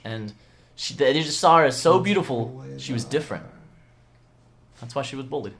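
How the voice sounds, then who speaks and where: A man's voice: medium pitch, expressive, normal speed, a bit bright. A man running a tabletop game, narrating casually with fillers and answering players in character. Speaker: game master.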